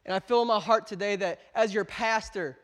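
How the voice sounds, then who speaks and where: A young pastor preaching a sermon to his congregation, a little stuffed up from a cold, building to emphatic, loud exhortation between warmer, quieter asides. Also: sits high, a little fast. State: congested from a cold. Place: church service with a congregation.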